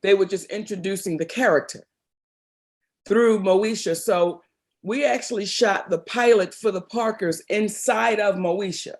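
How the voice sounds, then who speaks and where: In a storytelling interview, this Baltimore, Maryland woman, a middle-aged comedian and actress, speaks in a mid-range voice at a slightly slow pace. She's an animated, expressive storyteller who calls people "baby."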